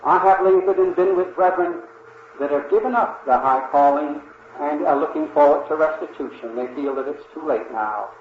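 Older guy preaching slow and earnest, kinda high voice, echoey muffled old tape with faint hiss. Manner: earnest, slow, reverent, with many "dear friends" and filler "uh". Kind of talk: sermon. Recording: dull roomy old recording with faint hiss.

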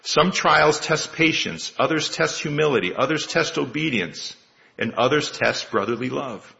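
A man in his sixties delivers a sermon in a gravelly, bright, somewhat forceful voice. He paces his points carefully and builds them through rhetorical questions. The recording is slightly dull and lo-fi. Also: on the high side, lively intonation, normal speed. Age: 60s. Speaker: lay preacher.

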